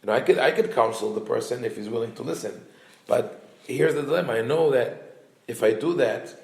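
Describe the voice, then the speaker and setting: A man's voice: mid-range voice, creaky, reverberant. A man, a rabbi, teaching a class on a Talmudic story, thinking aloud with restarts and acting out the quotes in livelier voices. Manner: retells quotes in lively voices, reads Hebrew quickly.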